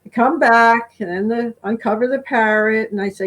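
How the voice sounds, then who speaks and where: A middle-aged woman with a slightly raised pitch talks at length in an interview. She rambles warmly, pausing with fillers, and playfully mimics her animals now and then. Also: fairly even intonation, rough recording. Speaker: guest speaker. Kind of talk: conversational interview answers.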